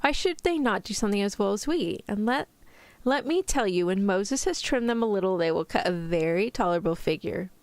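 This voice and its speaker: A woman voicing a fussy, scheming middle-aged country wife in a put-on British accent, coaxing and insistent, during a soft-spoken ASMR reading. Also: medium pitch, expressive, a little fast, no echo, close to an everyday voice.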